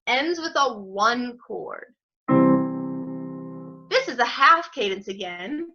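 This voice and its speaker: A woman music teacher leads an online group lesson in a bright, lively, high voice. She's encouraging, praising students by name and giving slow, step-by-step instructions, though the audio is dull and lo-fi.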